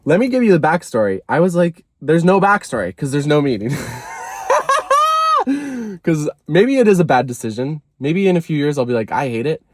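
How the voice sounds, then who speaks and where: A man's voice: on the high side, darkish tone. A man talking casually to the camera in a confessional vlog, rambling, apologizing often and filling with "like". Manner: rambling, self-deprecating, full of "like" and apologies. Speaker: vlogger.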